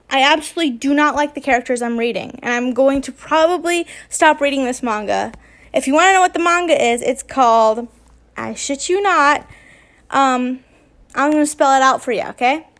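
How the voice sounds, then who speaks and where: Casual host, woman, high-pitched, rambles between chat and stumbling fanfiction reading. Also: fairly bright tone. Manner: rambling, stumbles and restarts often while reading. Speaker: fanfiction reader and channel host.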